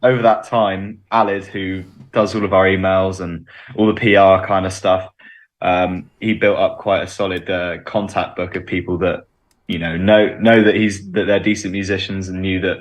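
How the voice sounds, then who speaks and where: A man's voice: low-pitched, flat delivery, normal speed. A man, a band's drummer, answering radio interview questions with many ums and restarts. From Bristol, England. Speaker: band drummer, interview guest.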